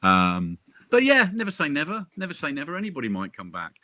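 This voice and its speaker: A man's voice: on the high side, huge pitch swings, fairly quick, sharp tone, no echo. A man, a crime author chatting casually as an interview guest, with jokey asides and frequent restarts. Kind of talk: casual chat.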